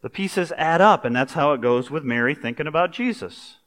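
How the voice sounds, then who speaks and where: A man's voice: a little high, moderate pace, hardly any pauses, long reverb tail. A man preaching a sermon in a conversational, storytelling way, with everyday asides. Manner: conversational, animated storytelling with pop culture asides.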